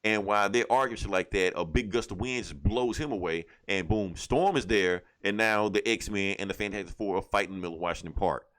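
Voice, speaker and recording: A man co-hosting a casual comic book review podcast animatedly retells a comic's plot, acting out the characters' lines with plenty of cursing. His voice is on the low side and fairly bright, and he talks fairly quickly with few pauses.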